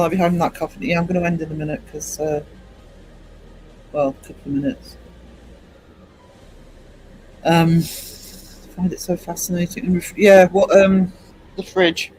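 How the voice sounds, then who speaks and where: English man, fifties, higher-pitched voice, meandering livestream chat, faint background hum. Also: a little mellow, low-quality recording. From England. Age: 50s. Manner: rambling, hesitant, many ums. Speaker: livestream host. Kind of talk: casual late-night chat.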